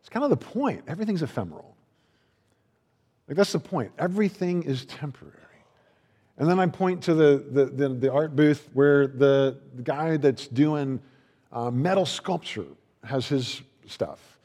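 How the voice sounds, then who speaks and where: A man's voice: fairly high pitch, lively intonation, measured pace, warm tone, slightly rough. A male pastor giving a sermon in a loose, conversational way, with frequent restarts and playful acted-out dialogue. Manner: acts out others' voices in quoted dialogue. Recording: long reverb of a large hall.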